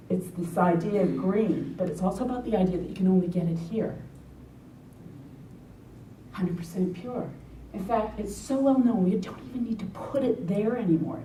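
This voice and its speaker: Middle-aged New Zealand woman presenter, dry wit, recorded from a distance in a roomy hall with a low rumble. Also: dark tone. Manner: wry, sarcastic asides. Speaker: conference presenter. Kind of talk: conference talk. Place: conference hall. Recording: echoey hall from far off, faint rumble.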